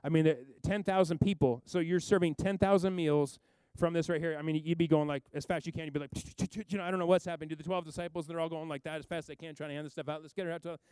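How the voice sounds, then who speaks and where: A man preaching a sermon, telling a story with lively asides and acting out the people in it. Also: a little high, fast talker, smooth, dry recording. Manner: animated storytelling, acts out characters, rambling asides. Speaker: pastor.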